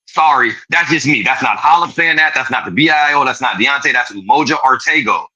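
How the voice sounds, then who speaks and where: A man delivering an impassioned, profane rant in an animated, preachy way. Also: medium pitch, a little fast, lo-fi sound.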